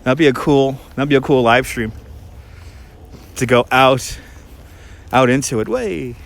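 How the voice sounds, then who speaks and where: A man's voice: mid-range voice, flat delivery. Chatty Brooklyn man walking outdoors. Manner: chatty, quick, with frequent restarts and laughs. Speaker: tour guide and livestream host. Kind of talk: casual livestream chat while walking. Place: outdoors in a snowy park.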